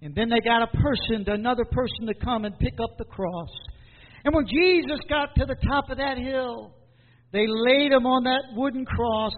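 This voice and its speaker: A man preaching a sermon as pastor, with dramatic pauses and repeated questions. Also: extremely high pitch, slight background noise. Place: church. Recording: tinny phone-like sound in a hall.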